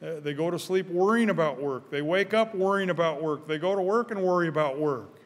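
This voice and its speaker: High-voiced older man preaching, stammering repeats. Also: brisk. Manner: earnest, repeats his words, rises in pitch and volume when stirred. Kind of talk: sermon. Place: church sanctuary. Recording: church hall with long reverb.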